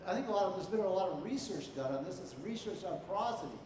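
A man judging a contest, giving spoken feedback to students in a halting way, with many "you know" and "okay?" checks. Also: high-pitched, lively intonation, noisy background. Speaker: contest judge. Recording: echoey hall, far from the mic.

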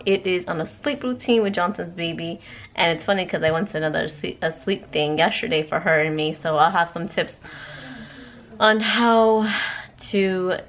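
A young woman, a mother, chatting casually to a handheld camera at home, expressive and talkative, dropping in Spanish words. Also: on the low side, slight background noise. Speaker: mother and family vlogger. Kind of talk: casual vlog chat to camera. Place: at home, indoors.

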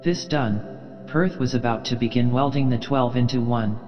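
A man narrating a classic novel as an audiobook, in a measured, even manner. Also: medium pitch, long reverb tail, highs cut off, soft background music.

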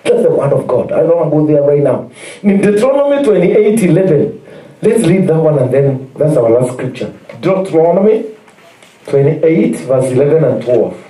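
Kenyan pastor preaching in an echoey hall. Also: male voice, a little high, big pitch swings, normal speed, mellow. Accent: Kenyan English. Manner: call-and-response preaching, repeats phrases, chuckles. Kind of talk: sermon. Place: church hall. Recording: roomy, distant church recording.

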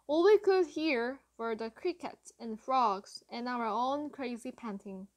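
Woman narrating a storybook, higher voice. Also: slow, no room sound. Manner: lively, breathless retelling of a chase. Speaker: audiobook narrator. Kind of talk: first-person storybook narration.

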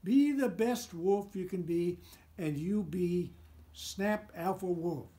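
A man's voice: sits high, lively intonation, measured pace, darkish tone. A man voicing a giant male eagle who gives friendly advice, in a storybook reading. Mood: encouraging. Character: giant male eagle, chatty, kindly counselor.

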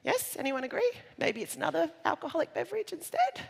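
An Australian woman speaks from a conference stage in a chatty keynote style, dropping jokey asides to the audience. Her pitch is very animated and rises and falls freely. A long hall reverb trails behind each phrase. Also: fast talker, gravelly. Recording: live talk in a large reverberant hall.

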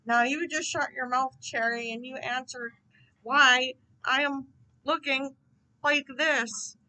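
A woman voicing a grumpy, quick-tempered bald male math teacher in his forties, indignant and threatening. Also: high-pitched, steady tone, pushed and bright, full character voice, rough recording. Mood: exasperated.

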